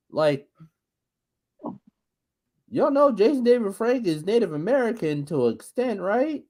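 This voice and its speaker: A man's voice: high-pitched, normal speed, pauses often. A man co-hosting a casual podcast, rambling and profane, stumbling over repeated restarts as he rants. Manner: animated, ranting. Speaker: podcast co-host.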